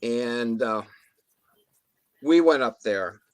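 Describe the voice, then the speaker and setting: A man's voice: medium pitch, lively intonation, extremely slow, no echo. A man telling a story in a casual interview, rambling with restarts and mild swearing, acting out what others said. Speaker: guest telling an encounter story.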